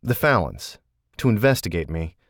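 A man's voice: low-pitched, very animated, normal speed, no room sound, clean studio sound, heavily acted. A man voicing an angry, confused adult male agent who keeps raising his voice in disbelief, read for an audiobook. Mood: agitated.

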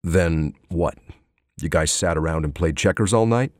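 A man's voice: sits low, normal speed, darkish tone, no room sound, studio quality, close to an everyday voice. A man reading an audiobook, voicing a sardonic male police detective who needles with probing questions. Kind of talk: audiobook character voice.

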